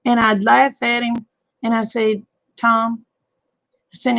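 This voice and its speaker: A woman's voice: a little high, level tone, takes it slowly, gravelly, pauses often, a bit bright, no echo. An older woman, hosting a casual late-night chat and calling viewers honey and babe. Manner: folksy, calls people honey and babe. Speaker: live stream host.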